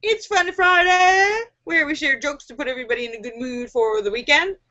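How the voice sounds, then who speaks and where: A woman's voice: on the high side, fast, sharp tone, highs cut off. A woman hosting a casual live stream, reading out viewers' jokes and laughing at them. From United States. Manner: giggly, laughs at her own jokes.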